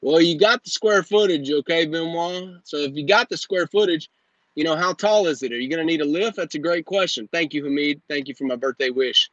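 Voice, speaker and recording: A man's voice: a little high, fairly quick, a bit bright, no echo, dull audio. Brash, joking man in his thirties. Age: 30s. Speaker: host and business coach. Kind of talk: live Q&A stream. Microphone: phone.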